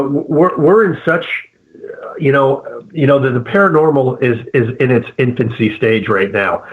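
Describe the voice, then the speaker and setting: A man speaks as a guest in a casual interview, and he comes through a thin, tinny line that sounds like a phone call. He talks haltingly, circling back with fillers and restarts as he makes his point. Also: medium pitch. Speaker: guest paranormal investigator.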